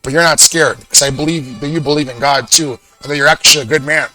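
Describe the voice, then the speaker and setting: Young man, twenties, emotional rambling vlog monologue, bright edgy tone. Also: on the high side, fast talker, faint music behind, rough recording. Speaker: vlogger. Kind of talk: casual monologue to camera.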